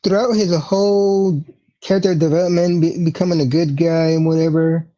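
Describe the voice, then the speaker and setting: A man chats casually as a podcast co-host, asking relaxed questions full of fillers. His voice is warm and mellow and sits a bit high for a man. The audio is dull and lo-fi. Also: normal speed. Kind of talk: casual chat.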